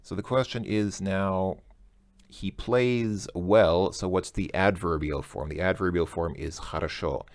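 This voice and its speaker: A man's voice: low-pitched, measured pace, dry recording. A man working through a language test aloud in a casual recorded lesson, hesitant and correcting himself as he goes.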